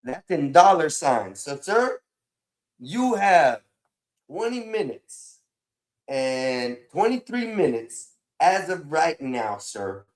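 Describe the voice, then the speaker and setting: A man with a high, emphatic voice hosts a casual livestream, speaking. He scolds and lectures his guest in a preachy way and repeats himself for weight. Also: very animated, takes it slowly. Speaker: livestream host.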